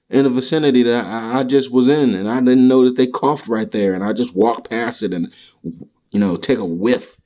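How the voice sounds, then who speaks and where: A man's voice: lowish voice, a little mellow, dull audio. A man hosting a podcast, delivering a rambling, profane comedic monologue full of crude rants. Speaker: podcast host.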